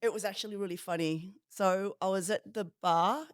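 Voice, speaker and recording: A woman of Filipino background, a padel player answering quick questions as a podcast guest, cheeky and laughing as she tells stories. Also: medium pitch, no room sound, clean studio sound. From Philippines. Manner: cheeky, laughing, animated storytelling. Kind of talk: rapid-fire question interview.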